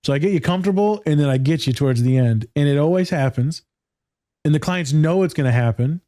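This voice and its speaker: A man in a casual podcast chat, an animated storyteller who swears casually, talking about his work as a therapist. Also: on the high side, a little fast, no echo, clean studio sound.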